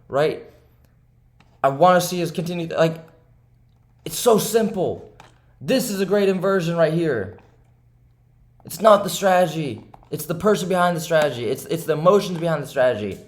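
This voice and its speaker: A man's voice: a little high, moderate pace. A young man who day-trades, talking over his charts to viewers after a bad day, frustrated and upset, repeating himself and asking "right?" again and again. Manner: repetitive, keeps asking "right?", swings between heated and subdued. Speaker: day trader and channel host. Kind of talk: frustrated self-talk to camera.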